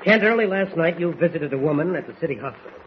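An actor in a 1940s radio drama playing a stern, officious district attorney who speaks in a clipped, formal, coldly authoritative way. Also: male voice, fairly high pitch, animated, fast talker, close to an everyday voice. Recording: dull old radio recording with faint hiss.

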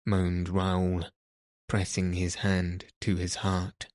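A man narrating an audiobook in a measured, even way. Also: deep voice, no echo, studio quality. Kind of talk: audiobook reading.

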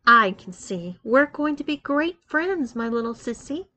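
A woman reading aloud, voicing a domineering, teasing young college woman who gives sharp commands. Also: fairly high pitch, animated, a little slow. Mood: mocking. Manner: commanding, mocking.

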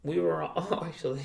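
A man's voice: on the high side, vocal fry. A young man talking in a casual, rambling way, swearing a lot and saying "dude" often. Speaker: guest. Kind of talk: casual chat. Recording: echoey room.

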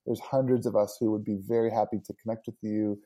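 A man's voice: on the low side, level tone, fast, mellow. A middle-aged man, a worship leader and podcast guest, talking earnestly and enthusiastically in casual interview chat.

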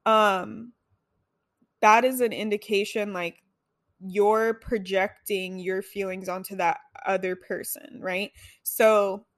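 A woman's voice: medium pitch, no room sound, studio quality. A young woman talking casually about self-reflection, full of "like" and "right?", with some swearing. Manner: chatty, lots of "like" and "right?". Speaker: self-help speaker. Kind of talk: casual monologue.

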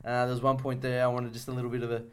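A flustered cricket umpire, played by a man in his everyday voice, halting and sheepish. He keeps running himself down, pausing and restarting as he goes. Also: mid-range voice, completely flat delivery, clear, resonant tone, natural voice. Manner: sheepish, halting, self-deprecating.

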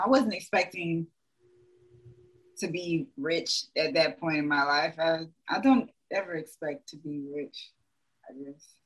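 Chatty, frank woman, slightly low voice. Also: poor audio. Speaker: dentist, podcast guest. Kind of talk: casual podcast chat.

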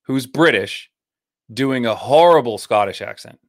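A man's voice: mid-range voice, expressive, a little slow. A man co-hosting a movie podcast, talking casually in a blunt, sarcastic, profane way. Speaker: podcast co-host. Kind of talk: casual movie review chat.

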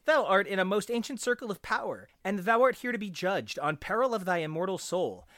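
A woman's voice: medium pitch, animated, a little fast, a bit bright, no room sound, clean studio sound, close to an everyday voice. Casting: stern ancient male wizard of comic lore, archaic and commanding , read by a woman. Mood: solemn, commanding. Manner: archaic solemn proclamation.

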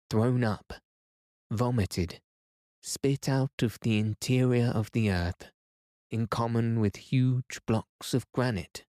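A man voicing a frightened young explorer who pleads in agitated questions, in a soft reading voice. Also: lowish voice, no echo, studio quality.

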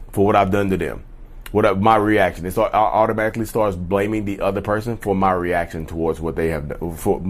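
A man in a casual vlog monologue, blunt and emphatic, swearing freely and calling his viewers "y'all.". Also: sits low. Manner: grows loud and heated. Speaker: vlogger on personality disorder.

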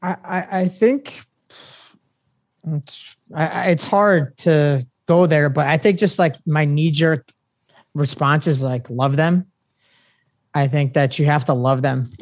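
A man talking as a podcast guest in a halting, rambling way, full of fillers and restarts. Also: a little high, fairly even intonation, no echo, clean studio sound. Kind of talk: casual chat.

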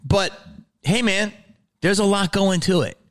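A man's voice: high-pitched, a little slow, fairly bright tone. A comedian talking casually about his own stage outburst, heated, rambling and profane. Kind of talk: reflective casual talk.

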